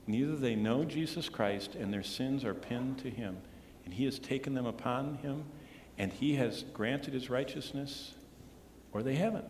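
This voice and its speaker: A man preaching a sermon as pastor, earnest, often dropping to a hushed tone to stress a point. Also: medium pitch, normal speed, slight background noise. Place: church sanctuary. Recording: echoey church hall with long reverb.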